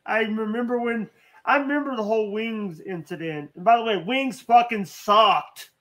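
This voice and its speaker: A young man with a high-set voice keeps tripping over his words and restarting. He rants with heat and swears freely as a guest on a loose livestream. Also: normal speed, a bit bright. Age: 20s. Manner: stammering, heated ranting. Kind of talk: casual livestream banter.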